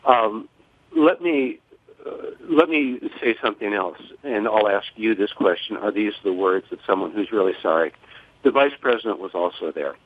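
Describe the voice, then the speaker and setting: Older man, measured, over a phone line. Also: fairly low pitch, animated. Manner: measured, deliberate, formal. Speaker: guest, grieving father. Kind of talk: phone-in interview.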